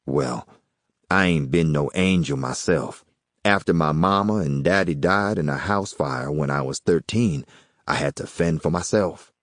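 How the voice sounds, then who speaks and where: A man's voice: very deep voice, unhurried, dry recording, studio quality. A man doing a folksy hustler. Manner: folksy, drawling, easygoing. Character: smooth-talking Southern man, a cocky small-time hustler. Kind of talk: audiobook character voice.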